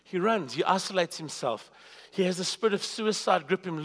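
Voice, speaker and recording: A man preaching a sermon, swinging from loud, high bursts to hushed, low asides. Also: animated, normal speed. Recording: long reverb of a hall.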